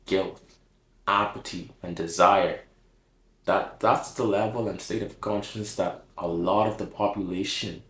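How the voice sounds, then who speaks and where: A man's voice: fairly low pitch, roomy sound, rough recording. A man speaking casually to camera in a reflective, heartfelt monologue, slangy and open. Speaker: vlogger.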